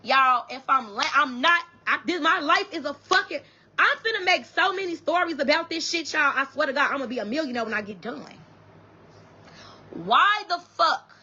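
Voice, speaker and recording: A young woman with a high, bright voice tells her viewers a personal story in a casual storytime chat. She is blunt and profane, and she often stops and restarts her sentences. The sound is dull and lo-fi. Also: expressive, normal speed. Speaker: storytime vlogger.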